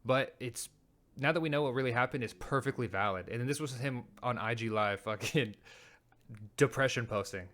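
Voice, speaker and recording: Reacting to clips on his show, a male host with a medium-pitched, fairly bright voice rants rapidly and heatedly, swearing a lot along the way in a casual commentary style.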